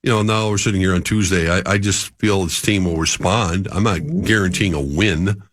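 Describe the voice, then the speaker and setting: A man's voice: sits low, moderate pace, a bit bright. A man with a cold and a cough, talking as a guest analyst on sports radio, hesitant but holding his view. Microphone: studio mic.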